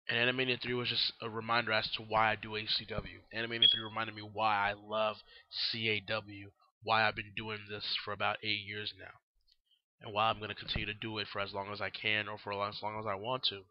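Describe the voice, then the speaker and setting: A man's voice: lowish voice, no room sound, dull audio. A young man hosting a casual solo newscast, his voice groggy and worn out, rambling and talking while he eats. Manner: rambling, talks while eating and drinking. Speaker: host.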